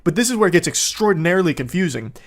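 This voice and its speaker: A man giving comedic commentary on text messages in a sardonic, incredulous tone. His voice sits a bit high for a man. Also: very animated, racing.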